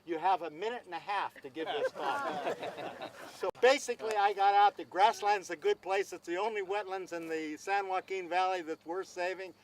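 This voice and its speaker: High-voiced man telling a story. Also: steady tone, moderate pace, a crowd in the background, poor audio. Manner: anecdotal, repeats himself, acts out dialogue. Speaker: speaker at a celebration. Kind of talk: storytelling speech.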